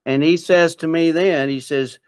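A man's voice: a little high, steady tone, moderate pace, clear, resonant tone, no echo. A man earnestly telling a personal story in a rambling, casual way. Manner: earnest, rambling, with many fillers and restarts. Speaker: interviewee sharing personal story.

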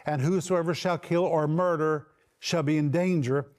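A man's voice: on the high side, fairly even intonation, normal speed, a little mellow. A man giving a teaching sermon, explaining words one by one with strong emphasis. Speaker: Bible teacher.

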